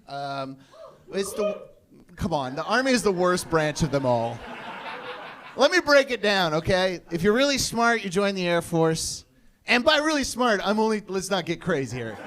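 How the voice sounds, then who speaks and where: A man from Maine in his thirties doing a crude, self-deprecating stand-up set on a stage, telling stories and shouting short impressions. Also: sits high, big pitch swings, moderate pace. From Maine, USA. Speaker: stand-up comedian. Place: comedy stage before a laughing audience.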